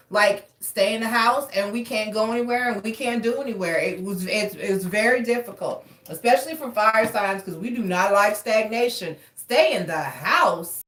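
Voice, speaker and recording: A woman's voice: mid-range voice, moderate pace, fairly bright tone, distant mic. A woman doing a casual tarot reading, talking frankly, cursing freely and calling listeners baby. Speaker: tarot reader. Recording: roomy, away from mic.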